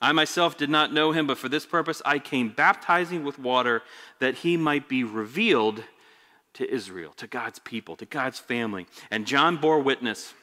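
A man preaching a sermon, expressive, stumbling over repeated words, swinging between loud emphasis and hushed lines. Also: mid-range voice, moderate pace. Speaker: pastor. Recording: echoey hall reverb.

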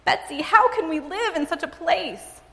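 A woman's voice: fairly high pitch, measured pace, a bit bright, pitched above the performer's own voice. A woman voicing a fretful, grudging younger sister. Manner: exclaiming, wailing, grudging. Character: anxious, reluctant younger sister in a prison camp. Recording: long reverb, as in a large hall.

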